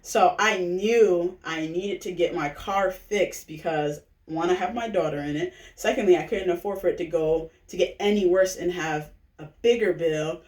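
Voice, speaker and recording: A woman's voice: on the low side, normal speed, hardly any pauses, darkish tone. Chatty woman, echoey and distant. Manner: chatty, filler-heavy, keeps asking "right?". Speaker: direct-sales recruiter sharing her testimonial. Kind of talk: casual personal testimonial pitch.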